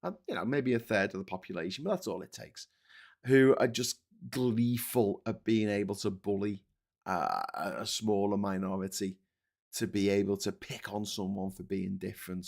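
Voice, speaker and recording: A man with a Liverpool accent hosting a live-stream political chat, ranting with stammering restarts and swearing. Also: lowish voice. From England. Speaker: livestream host.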